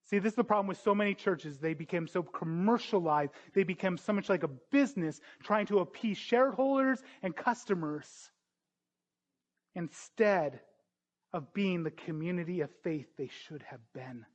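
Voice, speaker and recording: A man preaching a sermon as a pastor, earnest and emphatic, slowing down on key phrases. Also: sits high. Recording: dull lo-fi sound.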